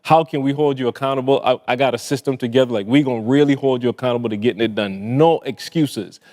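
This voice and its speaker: A man's voice: mid-range voice, fast, darkish tone, big-room sound. A man co-hosting a podcast, talking earnestly in casual conversation and laughing easily. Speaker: podcast co-host.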